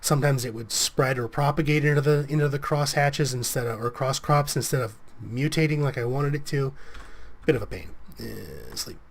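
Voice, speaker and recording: A man's voice: medium pitch, moderate pace, creaky. A man giving casual, rambling gameplay commentary as a let's play host, a bit sniffly with a cold coming on. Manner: rambling, self-correcting, chatty.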